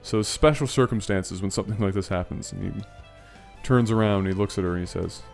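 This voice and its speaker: A man casually telling a long story to his viewers, animated and rambling. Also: fairly low pitch, a little fast, creaky, soft background music. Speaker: storytelling video host.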